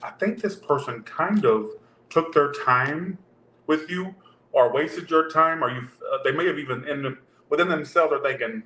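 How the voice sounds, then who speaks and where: A man's voice: on the high side, moderate pace, pushed and bright. A man giving a casual tarot reading, talking loosely and straight to his viewers. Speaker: tarot reader. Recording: roomy echo with faint background hum.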